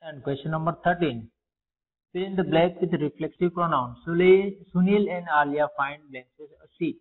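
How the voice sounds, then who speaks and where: A man's voice: a little high, moderate pace. A man with an Indian English accent, a teacher going through test answers for pupils and asking and answering his own questions. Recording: phone-like, long reverb.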